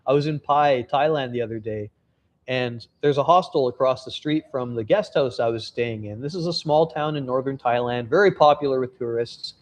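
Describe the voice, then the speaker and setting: A man's voice: medium pitch, normal speed. A man, a travel vlogger and novelist, talking candidly and casually to his viewers, telling stories and swearing now and then. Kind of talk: casual vlog update and storytelling.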